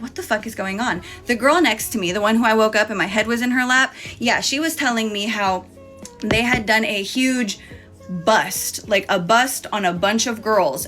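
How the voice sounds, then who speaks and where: A woman's voice: medium pitch, sharp tone. A young woman telling a casual storytime vlog story, candid and chatty, swearing freely. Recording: faint music behind.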